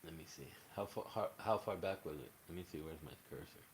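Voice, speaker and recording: A man's voice: rumbling low, quick pace, in a large hall, a little hiss or hum. A man chatting casually on a livestream, rambling and swearing, with many fillers. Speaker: livestreaming guitarist.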